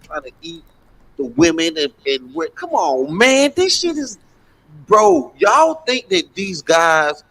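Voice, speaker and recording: A man's voice: on the high side, a bit bright, poor audio. A man hosting a casual panel chat, blunt and swearing freely. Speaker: host, addressed as pastor.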